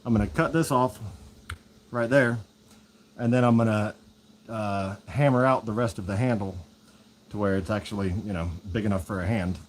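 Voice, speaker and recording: A knife maker making relaxed, rambling asides to a live chat as he works in his workshop. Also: fairly low pitch, moderate pace, long pauses, slight background noise. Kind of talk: casual chat while working.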